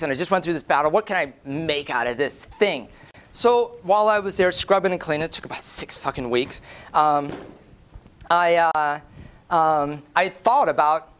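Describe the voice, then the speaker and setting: A man giving a lively storytelling presentation at a conference, animated and profane, often tagging lines with "right?". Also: a little high. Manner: acts out quoted voices. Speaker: conference speaker.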